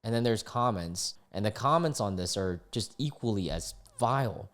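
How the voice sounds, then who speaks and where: Exasperated young man with a lively voice. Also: on the low side, normal speed. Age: 20s. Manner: exasperated, disgusted outbursts between readings. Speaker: online commentator. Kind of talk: reaction commentary reading posts aloud.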